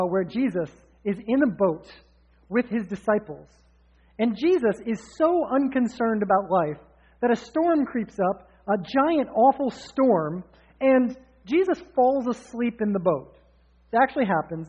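A man preaching a sermon in an energetic, candid, conversational way. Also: sits high, moderate pace, husky. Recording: tinny phone-like sound.

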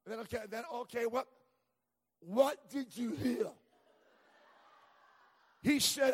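A man's voice: very high voice, normal speed, long pauses, fairly bright tone, slightly rough. A middle-aged man preaching a sermon as a traveling evangelist, telling stories with humor and stumbling through frequent restarts. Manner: storytelling with humor, many stammered restarts. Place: church sanctuary. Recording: long church reverb.

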